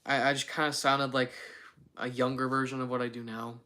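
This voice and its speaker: Bright-voiced young man rambling on a livestream. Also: mid-range voice, little pitch movement, brisk. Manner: rambling, filler-heavy, self-mocking. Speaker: livestream host. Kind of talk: casual livestream chat.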